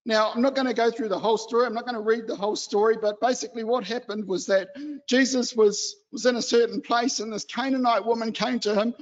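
A man from New Zealand giving an animated, chatty exhortation in a church hall. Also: very high voice, quick pace, dull audio. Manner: chatty and animated, acts out excited children. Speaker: lay preacher.

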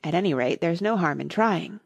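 A woman's voice: lowish voice, animated, creaky, dry recording. A woman voicing a polite, curious young girl who talks eagerly and rambles. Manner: eager, rambling, quick to apologize.

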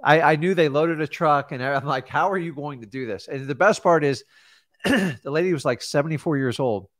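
Animated storytelling man, dry sound. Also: on the high side, normal speed, no room sound. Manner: animated storyteller acting out quotes. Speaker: real estate coach. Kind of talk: casual mentoring advice.

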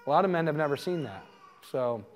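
A man's voice: on the high side, expressive, fairly quick. A man giving a conversational teaching talk to a live audience, telling stories in an earnest way. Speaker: conference speaker.

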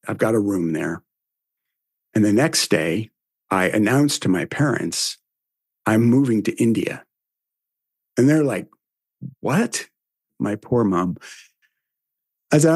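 A man's voice: mid-range voice, no room sound, clean studio sound. A man, telling personal stories on a podcast and acting out the dialogue in them. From American South. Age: 60s. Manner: animated storyteller, acts out quoted dialogue. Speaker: podcast speaker. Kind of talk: storytelling reflection.

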